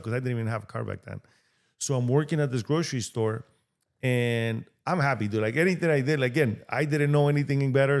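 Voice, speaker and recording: A man from Mexico, a real estate agent guesting on a podcast, telling his life story in a lively way and acting out the voices of people he quotes. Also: mid-range voice. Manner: animated, acts out quoted dialogue. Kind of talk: storytelling interview talk.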